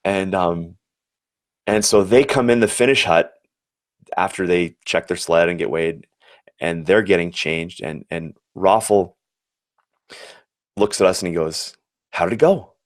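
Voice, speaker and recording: Speaking in a low voice at a measured pace with frequent pauses, this man is captured in a studio with no echo. He's a forties-aged American former Olympian telling sincere, reflective interview stories, often beginning his sentences again.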